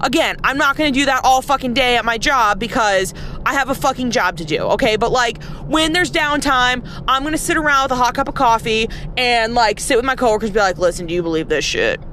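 A woman's voice: on the high side, brisk, bright, forceful tone, slight background noise. A woman who works as a nurse, ranting in a casual, blunt and profane way, with heavy sarcasm. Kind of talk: casual rant to camera.

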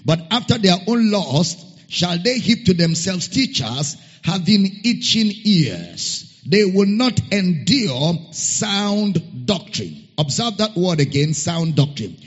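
Male pastor, high husky voice, slow emphatic scripture reading, reverberant hall. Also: very animated. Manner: spells out a Greek word letter by letter. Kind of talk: sermon. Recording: muffled sound with long hall reverb.

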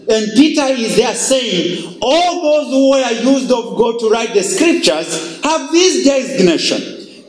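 A man's voice: sits high, big pitch swings, slow pace, roomy sound, a little hiss or hum, low-quality recording. A male pastor preaching emphatically and reading scripture in a sermon.

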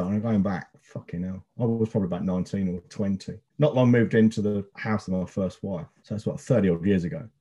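A man's voice: lowish voice, mellow, slightly rough. A man in his fifties hosting a podcast, telling rambling, sweary stories in casual chat. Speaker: podcast host.

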